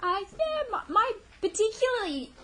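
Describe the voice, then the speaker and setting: A woman's voice: very high voice, big pitch swings, normal speed, a bit bright, rough recording. A middle-aged woman teaching a play in a classroom, explaining patiently and often checking "okay?" with her students. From Australia. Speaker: English teacher.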